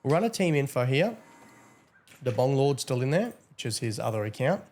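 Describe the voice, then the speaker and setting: A man's voice: medium pitch, very animated, moderate pace, darkish tone. A young man running a game server, chatting casually over gameplay in a tired, teasing drawl full of fillers. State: tired, yawning.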